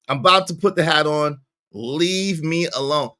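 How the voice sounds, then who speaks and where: Animated man hosting a livestream. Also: a little slow. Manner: animated, shouting out viewers, jumps into squeaky high tones. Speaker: livestream host. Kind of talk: casual livestream chat.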